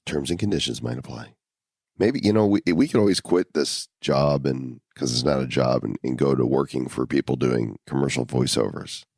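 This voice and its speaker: Deep-voiced joking podcast host. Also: male voice, normal speed, gravelly, hardly any pauses, darkish tone, no room sound, studio quality. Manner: joking, teasing. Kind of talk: casual podcast banter.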